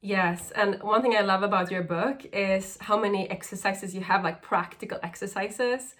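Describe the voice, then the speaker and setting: A woman's voice: mid-range voice, normal speed, a bit bright. A woman hosts a casual interview in a chatty way. She fills her speech with "like" as she leads into her questions. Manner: chatty, uses filler "like" often. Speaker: podcast host.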